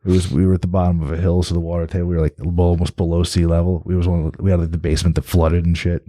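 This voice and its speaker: A man's voice: sits low, little pitch movement, racing, mellow, no echo, clean studio sound. A man from New Jersey telling a rambling story as a guest in casual chat, swearing freely. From New Jersey, USA.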